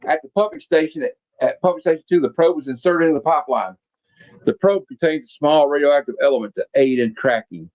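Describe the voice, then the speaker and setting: A man's voice: fairly high pitch, brisk, darkish tone, lo-fi sound. A man hosting a comic club, casually reading a comic aloud and joking about it. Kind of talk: casual comic read-along.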